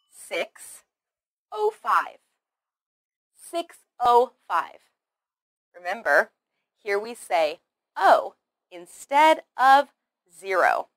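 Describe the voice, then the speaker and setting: Slow, lively-voiced woman teaching pronunciation. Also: a little high, dry recording. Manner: slow, careful over-articulation with drilled repetitions; encouraging, praising the learner. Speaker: English teacher. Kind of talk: slow scripted pronunciation lesson.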